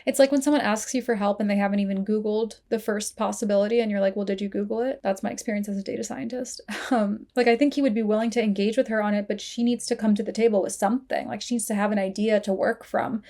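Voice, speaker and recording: A woman's voice: mid-range voice, fairly even intonation, mellow. A woman hosting a film review podcast, talking casually and chattily and filling her sentences with "like". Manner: chatty, peppered with "like", quick asides.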